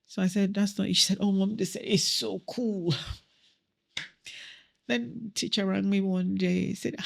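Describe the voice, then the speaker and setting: Animated middle-aged woman storyteller. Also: medium pitch, a little slow, creaky, pauses often. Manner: animated storyteller who acts out quoted dialogue. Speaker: podcast guest. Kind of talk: storytelling in a podcast interview.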